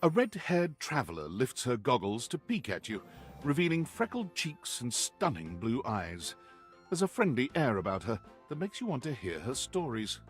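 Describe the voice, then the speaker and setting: A calm, descriptive video game narrator, mid-pitched with a lively, shifting melody. Soft game music plays behind him. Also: male voice, moderate pace. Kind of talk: scripted narration.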